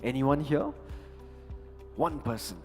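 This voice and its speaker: A man's voice: medium pitch, takes it slowly. A man hosting a conference from the stage with a handheld mic, teasing and joking with the crowd in a playful, chatty way. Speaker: event host and emcee. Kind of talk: lively stage hosting with audience banter. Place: large conference hall stage. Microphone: handheld microphone. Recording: long hall reverb, faint music.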